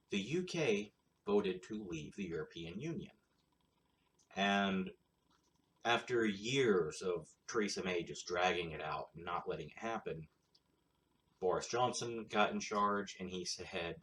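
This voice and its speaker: A man's voice: low voice, slow, long pauses, fairly bright tone, a little hiss or hum. A man hosting his own show, rambling through casual solo commentary in a blunt, crude, sarcastic way. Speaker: show host.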